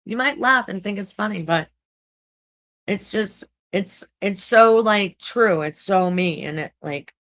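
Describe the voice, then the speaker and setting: A woman's voice: mid-range voice, a little slow, a bit bright. New woman reading stuff out on her art vlog, earnest, kinda emotional, stops and restarts a lot. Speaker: artist and content creator. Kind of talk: vlog, reading a text aloud with personal asides.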